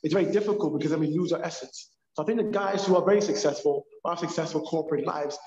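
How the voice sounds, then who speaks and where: London man, purpose coach on a podcast, quick and a bit high, emphatic, echoey lo-fi audio. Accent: London English. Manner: animated, emphatic storyteller. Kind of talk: casual podcast conversation. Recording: echoey, dull lo-fi sound.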